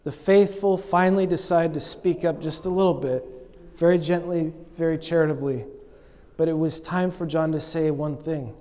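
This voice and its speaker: A man's voice: on the high side, fairly even intonation, normal speed, mellow, in a large hall. A man preaching a sermon, telling the story with humor and acting out the lines he quotes.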